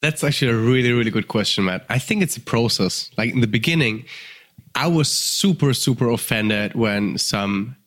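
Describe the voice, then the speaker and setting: A man with a German accent, a podcast guest telling stories in casual, animated chat, swearing and laughing, a little tipsy. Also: mid-range voice, moderate pace.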